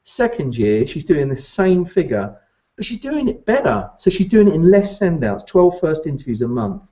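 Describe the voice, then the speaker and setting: A man's voice: a little high, big pitch swings, normal speed, dark tone, lo-fi sound. A man giving a motivational training talk to recruitment business owners, emphatic and repeating his key points.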